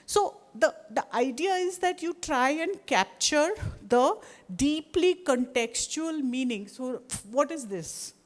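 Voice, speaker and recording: A woman's voice: sits high, animated, slow. A middle-aged Indian woman with an Indian English accent, giving a talk to a live audience and wandering through restarts and asides. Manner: discursive, with many restarts and asides. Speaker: guest speaker.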